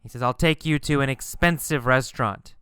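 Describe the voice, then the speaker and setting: A man's voice: mid-range voice, fairly quick, a bit bright, clean tone, no room sound, studio quality. A man teaching an English lesson, explaining a story phrase by phrase, repeating words and raising his voice when quoting the characters. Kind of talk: slow explanatory ESL lesson.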